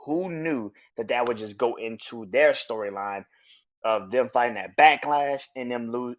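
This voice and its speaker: A man hosting a podcast, talking casually and excitably about wrestling and swearing freely. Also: mid-range voice. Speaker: podcast host. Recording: dull lo-fi sound.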